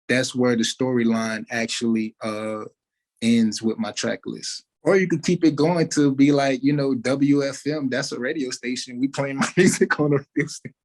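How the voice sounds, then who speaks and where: A man, a musician giving an interview, talking in a relaxed way with many fillers like "like" and "you know". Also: mid-range voice, unhurried, poor audio. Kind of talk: casual interview talk.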